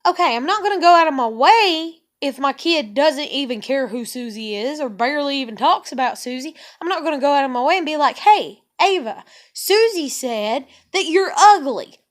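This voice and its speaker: A woman's voice: high voice, fairly quick, few pauses, a bit bright. A woman, venting in an exasperated monologue full of rhetorical questions. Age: 30s. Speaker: vlogger.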